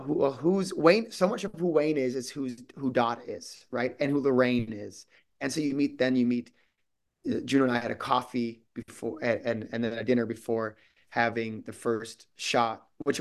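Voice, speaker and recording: Male guest actor, mid-pitched, loose rambling delivery full of restarts. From Minnesota. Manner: rambling, many restarts and quoted asides. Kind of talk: casual interview chat.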